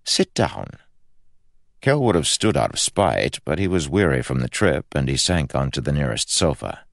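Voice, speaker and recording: A man narrating a fantasy novel as an audiobook, measured and expressive. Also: rumbling low, vocal fry, no echo, clean studio sound. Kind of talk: scripted narration.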